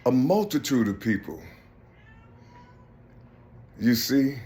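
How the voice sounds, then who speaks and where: An adult man giving a rambling spiritual monologue, preachy and repetitive, often jumping between high and low voices. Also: sing-song, slow, darkish tone. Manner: preachy, repeats "you see".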